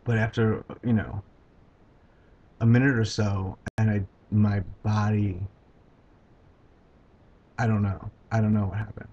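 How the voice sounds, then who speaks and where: A man vlogging about his own experience, talking in a halting, hesitant way with many pauses and restarts. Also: lowish voice, level tone, darkish tone. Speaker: video blogger. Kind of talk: casual personal recount. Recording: dull lo-fi home video sound.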